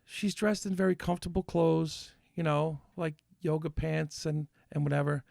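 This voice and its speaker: Worked up guy ranting on a podcast, kinda high voice, gravelly. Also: steady tone, normal speed, darkish tone, no echo, studio quality. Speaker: podcast co-host. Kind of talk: heated casual chat.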